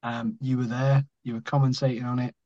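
A man hosting a podcast, asking relaxed questions with small stumbles. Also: mid-range voice, a little fast. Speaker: podcast host. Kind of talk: casual podcast interview. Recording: dull lo-fi audio.

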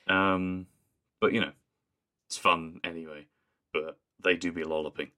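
A man's voice: low voice, steady tone, a little slow, pushed and bright. A man co-hosting a podcast in casual chat, rambling and amused, often laughing. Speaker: podcast co-host.

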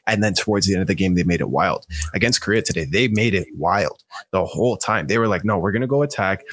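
A young man co-hosting a football podcast, joking and animated in casual chat. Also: sits low, breathy edge, dry recording. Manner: fast-talking, animated, joking. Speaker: podcast co-host.

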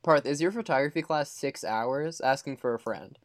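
Young man, deadpan teasing, mock-formal, podcast co-host, dry sound. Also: a little high, moderate pace, no echo. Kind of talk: casual banter.

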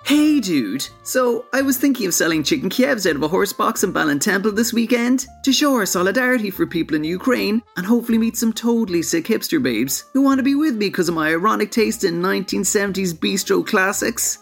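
Woman voicing a young male hipster, drawling, slangy, laid-back, mid pitch. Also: lively intonation, brisk, gravelly, few pauses, faint music behind. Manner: drawling slangy surfer-style talk. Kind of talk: comic radio letter reading.

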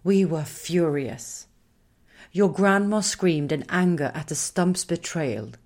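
A woman voicing a big, soft female forest creature who tells her story in a calm, measured way and gives orders. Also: fairly low pitch. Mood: grave, indignant.

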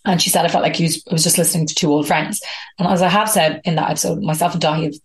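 A woman's voice: low-pitched, steady tone, very fast. Chatty Irish woman hosting a podcast. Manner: chatty, rambling, laughs often. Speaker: podcast host. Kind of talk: casual podcast intro monologue.

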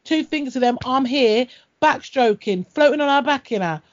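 A woman's voice: sits high, lively intonation, fairly quick. Blunt, sweary woman chatting. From Britain. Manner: blunt, sweary, laughing storyteller. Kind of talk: casual chat. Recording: dull lo-fi audio.

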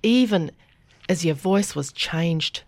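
A woman's voice: fairly low pitch, animated, slow pace, a little hiss or hum. An Australian woman hosting a podcast in casual, chatty conversation, laughing often. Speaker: podcast host. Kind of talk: casual chat.

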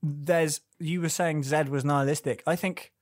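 A man's voice: a little high, steady tone, normal speed, no echo. Chatty man, dry close mic. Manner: chatty, playful, tangent-prone. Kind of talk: casual film discussion.

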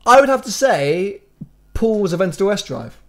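A man hosting a casual car podcast, chatty and upbeat with quick asides. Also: sits high, sing-song. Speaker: podcast host.

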